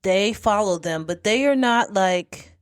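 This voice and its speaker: A woman's voice: mid-range voice, expressive, measured pace. A woman co-hosting a podcast, chatting casually as she recaps a TV show and acts out the characters' lines. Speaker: podcast co-host.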